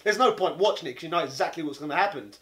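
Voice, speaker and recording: A man rants comically, sounding indignant and exasperated. His voice sits high and leaps up and down. The tone is of a comic reviewer talking straight to camera. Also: lively intonation, rapid-fire, a bit bright. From London, England. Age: 30s. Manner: exasperated, indignant, peppered with 'bloody'. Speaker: video game reviewer. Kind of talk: comedic ranting monologue.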